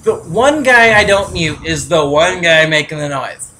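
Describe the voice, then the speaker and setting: A woman's voice: deep voice, measured pace, background noise. A woman giving goofy, giggly, rambling commentary as she plays a console game at home. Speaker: gamer. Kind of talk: casual gameplay commentary.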